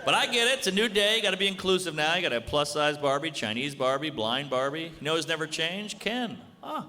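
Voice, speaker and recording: A man in his thirties doing a stand-up comedy set, with a brash and animated delivery that breaks into shouted punchlines. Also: a little high, fast talker. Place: large hall with live audience. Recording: echoey hall, audience noise.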